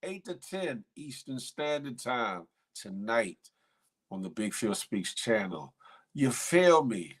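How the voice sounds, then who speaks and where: A man hosts a live morning show, chatting casually and reading viewer comments with playful banter, frequent laughter and slangy speech. His mid-range voice is very animated but slow.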